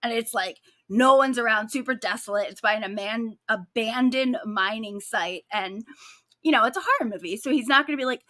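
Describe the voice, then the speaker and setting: Woman podcast co-host, bright and higher-pitched, casual and sarcastic. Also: brisk, no room sound, studio quality. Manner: animated, sarcastic storytelling with frequent likes. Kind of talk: casual true-crime chat.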